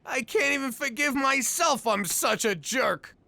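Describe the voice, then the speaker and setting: An actor playing a brash former mob boss with an excitable, gravelly manner. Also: male voice, extremely high pitch, measured pace, dry recording, exaggerated voice. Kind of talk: adult cartoon voice acting.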